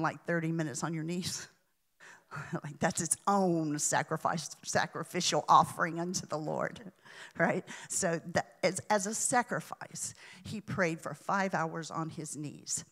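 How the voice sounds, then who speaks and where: A woman preacher telling a story in a sermon, dramatic, with sudden hushes and swells. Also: sits low, steady tone, a little slow.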